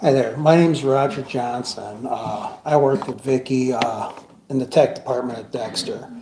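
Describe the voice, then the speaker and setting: At a funeral service, a man gives a eulogy for a coworker, telling jokey stories and laughing as he goes. His medium-pitched voice is a little mellow and moves at a normal speed, recorded in a roomy hall with clear background noise.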